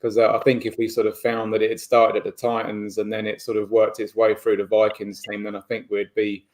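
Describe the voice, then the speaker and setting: A man's voice: on the low side, completely flat delivery, fairly quick. An English man hosting a sports podcast, talking casually and hedging with "sort of". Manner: hedging, says "sort of" often. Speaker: podcast host. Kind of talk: casual chat.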